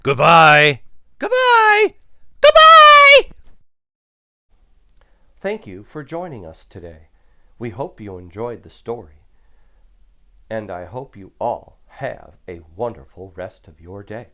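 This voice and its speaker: A man reading a children's picture book aloud in an unhurried, expressive way. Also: low voice, dry recording. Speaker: storyteller.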